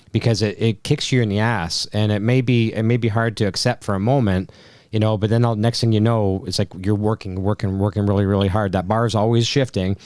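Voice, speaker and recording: A man's voice: lowish voice, a little mellow, clean tone, no echo. A man hosting a casual interview, giving short reactions and reading listener questions aloud. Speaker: interview host.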